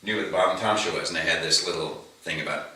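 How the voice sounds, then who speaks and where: A man who is a stand-up comedian, telling an animated anecdote in casual chat and acting out both sides of a conversation. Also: deep voice, fast. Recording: echoey room, distant mic.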